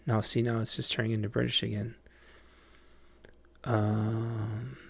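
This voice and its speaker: A man's voice: fairly low pitch, flat delivery, unhurried, gravelly, pauses often, breathy edge, no room sound. A man chatting casually on a live stream, distracted, rambling and swearing as he mutters to himself.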